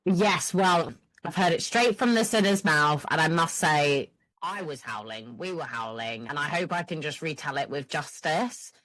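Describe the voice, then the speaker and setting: A woman who hosts a podcast and tells stories in a casual, animated and profane way, laughing as she goes. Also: sits low, normal speed, no echo. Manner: animated storyteller, frequent laughs, swearing. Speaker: podcast host. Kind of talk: casual chat.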